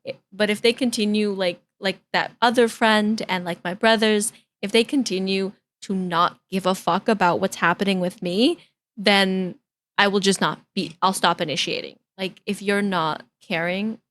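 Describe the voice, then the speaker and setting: With a mid-range, fairly bright voice, fairly even intonation, and a moderate pace, a woman VTuber talks casually to her stream. It's reaction-stream chat: candid, rambling, a bit exasperated, full of restarts and repeated phrases.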